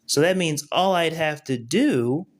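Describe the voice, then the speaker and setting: A man with a fairly high voice leads a relaxed live-stream lesson. He talks straight to his viewers and keeps asking whether they can see what he is doing. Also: unhurried. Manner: conversational, keeps checking in with viewers. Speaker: spiritual teacher. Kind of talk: casual live-stream tutorial.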